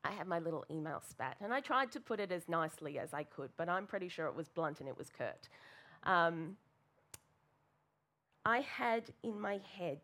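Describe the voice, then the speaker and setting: A woman's voice: fairly low pitch, animated, normal speed, a bit bright. A woman preaching a sermon in church, telling a candid, self-deprecating personal story with plenty of fillers.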